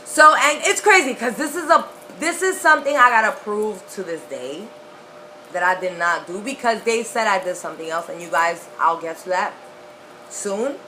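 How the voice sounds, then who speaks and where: A young woman telling a personal story in a casual, profane, animated way. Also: medium pitch, moderate pace, slight background noise, poor audio. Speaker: vlogger.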